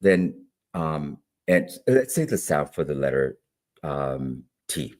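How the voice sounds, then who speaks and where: A man with a low, deep voice talks through classroom teaching in a relaxed interview. His delivery is animated, rising and falling widely as he demonstrates sounds and checks in with "right?" and "all right?". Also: takes it slowly. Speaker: guest literacy educator. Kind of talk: conversational interview.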